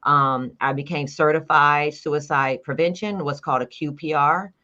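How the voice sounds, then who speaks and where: A woman guest in a casual interview, telling a long story with lively acted-out quotes. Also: low-pitched, normal speed. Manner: animated storyteller acting out quoted dialogue. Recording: dull lo-fi sound.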